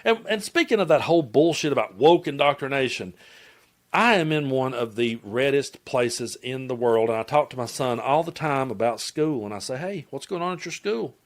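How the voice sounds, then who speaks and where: A man's voice: mid-range voice, expressive, normal speed. A middle-aged man from Tennessee with a Southern Appalachian accent, giving casual political commentary in a rambling, blunt and profane way.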